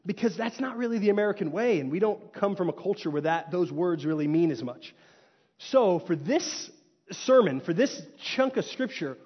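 Lively high-voiced male preacher, echoing hall. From Texas. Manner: animated storytelling, acts out quotes, rhetorical "right?". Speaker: pastor. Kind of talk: sermon. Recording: hall reverb, dull lo-fi sound.

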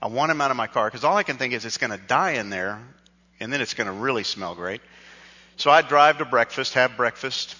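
A man preaching, with a bright, forceful voice as he tells a self-mocking story and acts out the lines of each person in it. His voice rings with a long reverb in a big church hall, and the recording sounds dull and muffled. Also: medium pitch, expressive, a little fast. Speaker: pastor. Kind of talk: sermon storytelling.

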